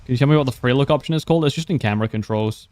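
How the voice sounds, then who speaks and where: A young man giving casual, wry commentary while he streams a game. He laughs often and answers viewers' questions in an easygoing way. His voice sits at a middle pitch. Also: very fast, a little mellow, dry recording. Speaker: livestreamer.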